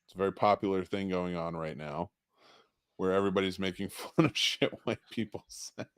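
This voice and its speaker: A man's voice: sits low, moderate pace, smooth, no room sound, studio quality. A man hosting a live stream, chatting casually and joking with a laugh in his voice. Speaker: stream host.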